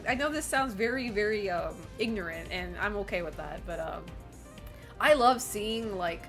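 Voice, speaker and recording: A woman's voice: medium pitch, fairly bright tone. A young woman streaming from home, chatting casually with her viewers in a rambling, giggly way and swearing freely. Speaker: game streamer. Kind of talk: casual chat with live chat.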